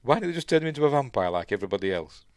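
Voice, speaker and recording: A man's voice: mid-range voice, sing-song, very fast, dry recording, clean studio sound. A middle-aged man with a Yorkshire accent, casually talking through a film scene by scene, rambling with chuckles and lots of ums. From Yorkshire, England. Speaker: film reviewer.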